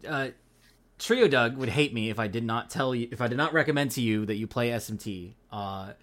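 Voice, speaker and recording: A man's voice: medium pitch, brisk, a bit bright. A man with a Pacific Northwest American accent, co-hosting a podcast in easygoing casual chat, swearing now and then and using lots of fillers. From Pacific Northwest, USA. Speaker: podcast co-host.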